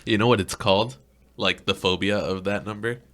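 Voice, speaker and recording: A young man with a lowish voice that carries a bright, forceful edge. He talks in a laid-back way, reading out items on a casual podcast. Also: a little fast. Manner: relaxed, reads items out, laid-back "dude" talk. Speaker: podcast co-host. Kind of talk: casual chat.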